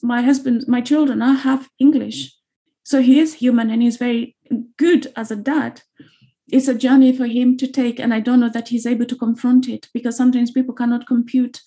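This is a woman from Uganda, interviewed as an author. Her voice is soft, dark and mellow, sitting a touch above the usual pitch. She speaks earnestly and repeats phrases to stress a point. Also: flat delivery, normal speed. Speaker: author guest. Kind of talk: reflective interview talk.

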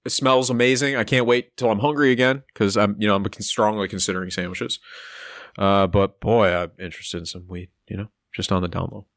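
A man's voice: lowish voice, steady tone, a little fast, fairly bright tone, no echo, clean studio sound. A man voicing a cheerful, easygoing man in a tabletop game, who rambles in a friendly way. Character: cheerful, easygoing man eager to get high.

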